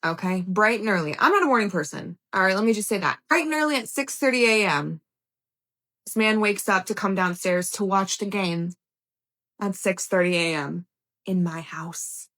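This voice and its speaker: A young woman tells a bad-date story in a casual storytime voice. She sounds blunt and fed up, and she swears freely. Her pitch sits in the middle of the usual range. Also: lively intonation, moderate pace, pushed and bright. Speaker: storyteller in a played clip.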